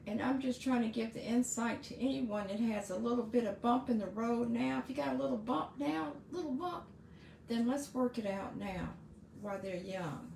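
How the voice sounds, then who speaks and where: A woman's voice: fairly high pitch, vocal fry, a little mellow, slight background noise. Chatty woman in an echoey room. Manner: chatty, earnest, restarts and asides. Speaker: podcast host. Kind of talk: casual advice monologue.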